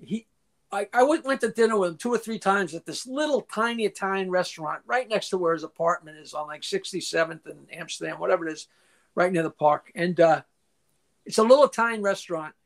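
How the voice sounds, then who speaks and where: An older man, a guest in a casual interview, tells long anecdotes full of restarts, swearing and acted-out quotes, clearing his throat now and then. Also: high voice, a little fast. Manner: profane, frequently clears throat.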